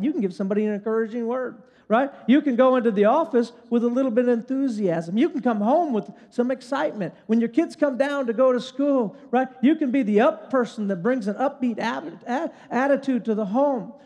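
An older man, a pastor, preaching a lively, conversational sermon and often checking in with "right?". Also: very high-pitched, big-room sound.

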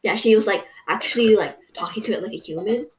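A woman's voice: mid-range voice, fast, slight background noise. Young woman rambling through a story. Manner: rambling, fillers like "like", quoting others. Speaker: podcast co-host. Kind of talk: casual storytelling chat.

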